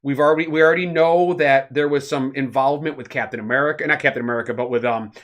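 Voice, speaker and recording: A man co-hosting a casual podcast, explaining at length in an animated, rambling way with many fillers. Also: medium pitch, fast talker. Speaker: podcast co-host.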